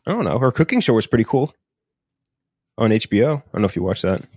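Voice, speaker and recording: A man's voice: sing-song, fast talker, a little mellow, husky, dry recording, clean studio sound. A man co-hosting a podcast, chatting casually and swearing as he rambles through a film idea. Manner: rambling, profane, pitches a film plot. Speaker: podcast co-host. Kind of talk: casual chat.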